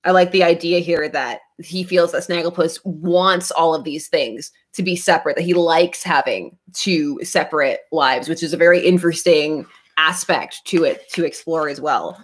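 Hosting her comic book channel's laid-back club livestream, this woman speaks at a moderate pace in a low, husky voice. Her talk wanders, punctuated by frequent restarts and laughs.

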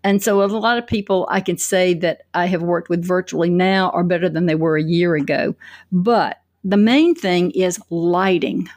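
A woman's voice: fairly low pitch, normal speed, darkish tone, dry recording, studio quality. A woman answering interview questions as a public speaking coach, telling stories energetically with quoted asides.

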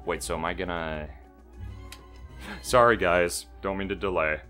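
A man's voice: sits low, steady tone, unhurried, sharp tone, faint music behind. A young man co-hosting a let's-play, rambling through stories in casual banter while playing. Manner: rambling, storytelling, easily sidetracked. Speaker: gaming channel co-host.

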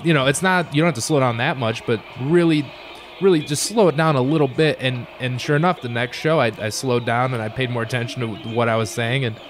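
Easygoing American comedian telling stories. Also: male voice, medium pitch, fairly quick. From United States. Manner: easygoing storyteller, laughs at himself. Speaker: comedian, podcast guest. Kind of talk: casual podcast conversation.

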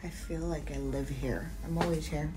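A woman's voice: deep voice, fairly even intonation, normal speed, heavy background noise. A pregnant woman in her twenties, from Jamaica, talking candidly and out of breath in a casual vlog. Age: 20s. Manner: candid, chatty, unfiltered. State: out of breath, tired. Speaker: vlogger.

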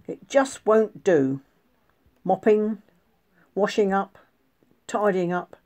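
A woman acting out a grumbling, worn-out housewife from a storybook reading, whining in a raised voice that drags each complaint out slowly. Her tone is dark and mellow, and she keeps a slow, weary pace. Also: mid-range voice, voice pushed up, natural voice. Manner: whiny, complaining, drawn-out.

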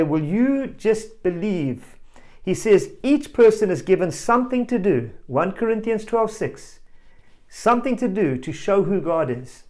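A male preacher giving a family sermon, telling a story with animated energy and calling out directly to children and parents. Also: high voice. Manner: animated storyteller, rising to loud exclamations.

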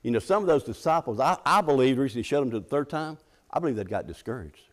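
A man's voice: mid-range voice, animated, fast. A middle-aged man preaching a sermon in a folksy, conversational way, often restarting his sentences and acting out the scripture quotes.

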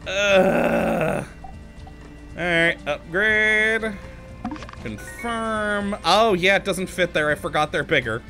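A man's voice: high-pitched, takes it slowly, pushed and bright, soft background music. A man commentating casually as he plays a video game, talking to himself, easily exasperated and laughing often. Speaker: let's play host.

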